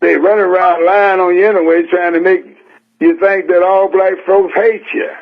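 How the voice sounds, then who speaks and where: A man's voice: sits high, flat delivery, normal speed. An older man from San Francisco preaching a sermon in a folksy, emphatic way, repeating his points plainly. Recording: tinny phone-like radio broadcast.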